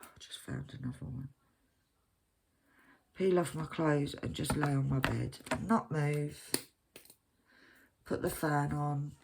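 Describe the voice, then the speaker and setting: A woman chats casually at her craft desk at home, drifting from thought to thought and joking about herself. She talks slowly and without hurry. Clear clicking noises sit behind her voice throughout. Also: low-pitched, background noise. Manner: rambling, chatty, self-mocking. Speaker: crafting vlogger. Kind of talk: casual chat while crafting.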